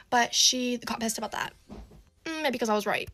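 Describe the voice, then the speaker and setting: Teen girl ranting a storytime super fast, kinda high voice, says like constantly, swears a lot. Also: fairly bright tone. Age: teens. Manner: rapid, full of "like", swearing, exasperated asides. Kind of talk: casual storytime monologue.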